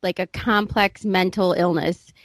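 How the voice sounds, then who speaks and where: Woman posing measured questions, dry sound. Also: on the low side, fairly even intonation, dry recording. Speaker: podcast co-host. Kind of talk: asking questions on a podcast.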